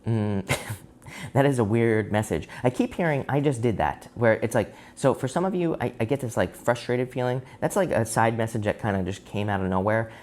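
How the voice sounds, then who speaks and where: A man's voice: normal speed, a little mellow. Chatty man giving a casual tarot reading. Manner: chatty and loose, many fillers and sudden upward pitch jumps. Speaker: tarot reader.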